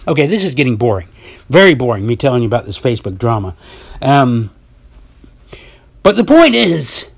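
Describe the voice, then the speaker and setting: A man hosting his own podcast, telling a story in a casual monologue and jumping in pitch when he quotes others. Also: very animated, moderate pace, no echo. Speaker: podcast host.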